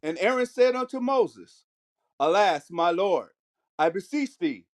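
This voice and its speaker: A man reading scripture aloud in a measured way, slowing on key phrases. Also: high-pitched, animated. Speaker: scripture reader.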